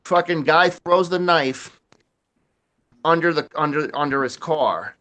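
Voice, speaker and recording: A man's voice: a little high, measured pace, bright, forceful tone. A man, telling a rambling, profane story in casual chat, laughing often. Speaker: podcast host.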